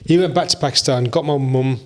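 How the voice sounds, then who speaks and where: A man's voice: mid-range voice, fairly quick. A man in his fifties with a Leicester accent, rambling through stories as a podcast guest in casual chat. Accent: Leicester English. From England. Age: 50s. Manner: rambling, storytelling, loose slang.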